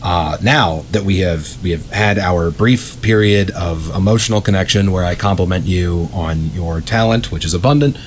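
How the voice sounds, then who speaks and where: A man's voice: low voice, normal speed, hardly any pauses, slight background noise. A man hosting a casual podcast, friendly and a bit wordy as he talks with his guest. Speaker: podcast host.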